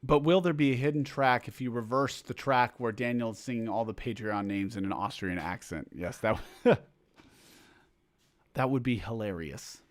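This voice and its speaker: A man's voice: medium pitch, moderate pace, no room sound. A man hosting a casual livestream for his supporters, reading viewer comments aloud and rambling along with fillers and restarts. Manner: rambling, chatty, self-interrupting with fillers. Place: home room indoors.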